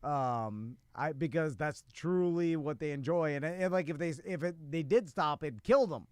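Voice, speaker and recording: Man, 40s, podcast co-host: high, smooth voice, rambling and self-mocking, dry studio sound. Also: moderate pace, no echo. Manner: rambling storyteller, self-deprecating. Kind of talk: casual podcast chat.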